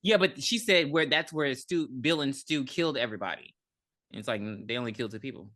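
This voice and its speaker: A woman's voice: very deep voice, quick pace, a bit bright. A woman co-hosting a podcast, chatting casually about a film, blunt and profane as she picks at details. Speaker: podcast co-host. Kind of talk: casual movie recap chat.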